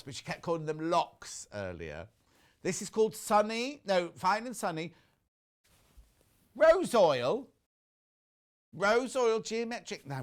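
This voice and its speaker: A middle-aged man presenting a shopping channel, chatting and reading out viewer messages in a gossipy way. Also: on the high side. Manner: lively, gossipy, reads viewer messages aloud. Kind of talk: chatty live TV selling. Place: TV studio.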